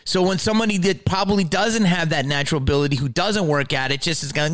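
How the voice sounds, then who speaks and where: A man's voice: a little high, fast, hardly any pauses, fairly bright tone. A male comedian and podcast host delivering a heated, profane, exasperated rant.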